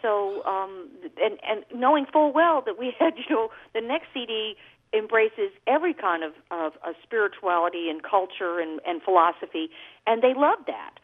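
A woman's voice: mid-range voice, animated, moderate pace. A woman singer and guest, talking in a chatty storytelling way during a radio interview by phone. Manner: chatty, warm storytelling with laughs. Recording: tinny phone line.

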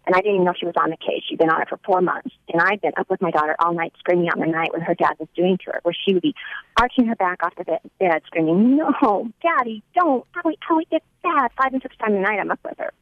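A woman's voice: on the low side, racing, dry recording, narrow, tinny audio. A woman giving a personal testimony, telling her story earnestly and acting out the dialogue as she recounts it.

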